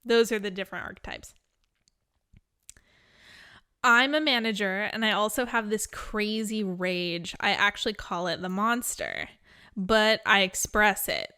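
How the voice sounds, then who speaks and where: A woman's voice: mid-range voice, sing-song, normal speed, bright, forceful tone, clear, resonant tone. A woman teaching a spiritual class and answering questions in a blunt, candid way, laughing now and then. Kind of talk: live teaching with Q&A.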